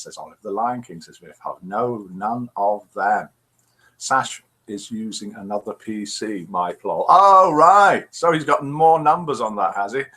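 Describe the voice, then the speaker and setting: Lively, cheeky British male host. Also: husky. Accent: British English. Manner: cheeky, playful joke-telling with wide pitch swings. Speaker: host of a live online show. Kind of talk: chatty live-stream hosting, reading out viewer messages.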